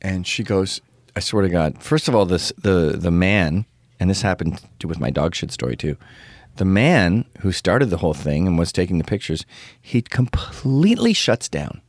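A man's voice: low voice, sing-song, moderate pace, no echo, clean studio sound. A middle-aged man hosting his own show, telling crude stories in a ranting casual monologue. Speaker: show host.

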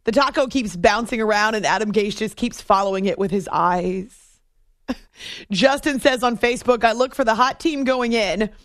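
A woman's voice: fairly high pitch, normal speed, dry recording. Female radio host from New Hampshire, casual and chatty, laughs easily, dry studio sound. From New Hampshire, USA. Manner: chatty, laughs often, reads listener messages. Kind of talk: casual late-night radio chat.

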